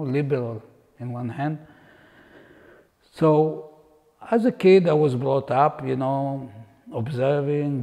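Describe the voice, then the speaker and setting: An older man, an interviewed artist telling anecdotes in an unhurried, reflective way. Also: mid-range voice, vocal fry, mellow, long reverb tail. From Israel. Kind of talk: reflective storytelling.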